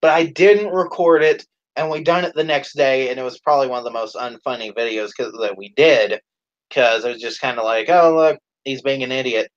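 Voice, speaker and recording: A man co-hosting a live stream, telling a profane, animated story in casual chat. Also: mid-range voice, brisk, highs cut off.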